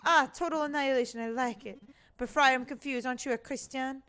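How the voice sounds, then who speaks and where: A woman's voice: high-pitched, fairly even intonation, fairly quick, a bit bright, clear, resonant tone, pitched above the performer's own voice. A woman voicing a cowardly, boastful male duck police officer in a game, nervous and full of himself.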